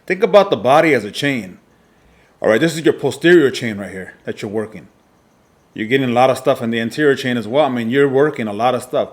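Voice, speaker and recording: A male fitness coach giving a slide presentation lesson, speaking in an emphatic, deliberately repetitive way with frequent check-ins to his listeners. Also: mid-range voice, lively intonation.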